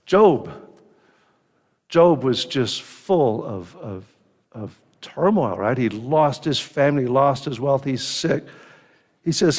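Slow-speaking male preacher in a hall. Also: medium pitch, lively intonation. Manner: slow, earnest preaching with many restarts. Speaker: pastor. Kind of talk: sermon.

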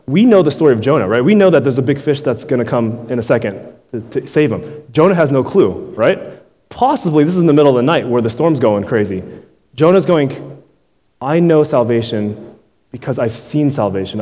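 A man's voice: mid-range voice, animated, fast talker, a little mellow. A young adult man preaching a sermon in a casual, slangy way, with many rhetorical asides. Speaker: pastor. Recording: hall reverb.

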